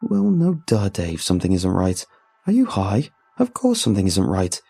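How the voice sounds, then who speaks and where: A man's voice: wildly swooping pitch, normal speed, gravelly, mellow, breathy edge, full character voice. A man voicing a panicky young sailor who snaps sarcastically, in a spoken horror story. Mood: exasperated panic. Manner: shrill, sarcastic, frantic.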